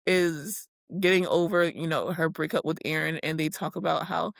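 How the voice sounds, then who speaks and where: Animated woman recapping reality TV. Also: sits low, moderate pace, creaky, no room sound, clean studio sound. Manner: animated, laughing, swears freely, acts out quotes. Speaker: podcast co-host. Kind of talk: casual chat recapping reality TV.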